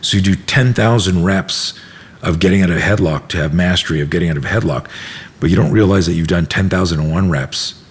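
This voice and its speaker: A man's voice: sits low, brisk. A middle-aged man, a self-defense instructor, telling stories in a casual interview, acting out quotes and swearing freely. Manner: animated storyteller, acts out quotes, swears freely.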